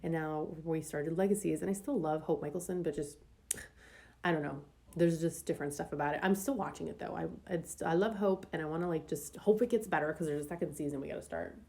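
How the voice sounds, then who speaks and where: A young woman planner vlogger does a casual voice-over about decorating her weekly planner layout, easygoing and rambling, with frequent ums and likes. Her voice is fairly quick, sits low and sounds dark with a gravelly edge.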